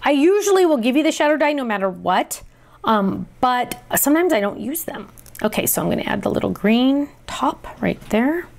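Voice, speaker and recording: A middle-aged woman hosting a craft tutorial, chatty and excitable, talking to herself as she works. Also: sits high, normal speed, vocal fry. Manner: chatty and excitable, talks to herself while working. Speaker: crafting show host.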